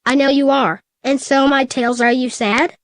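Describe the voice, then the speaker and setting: A woman voicing a grieving middle-aged mother in a storybook reading, speaking slowly and earnestly. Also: sits high, fairly even intonation, no echo, natural voice.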